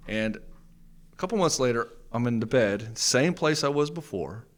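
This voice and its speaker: A middle-aged man, a podcast guest, candidly telling a personal story in a blunt, profane way that gets animated when he relives his anger. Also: medium pitch, measured pace.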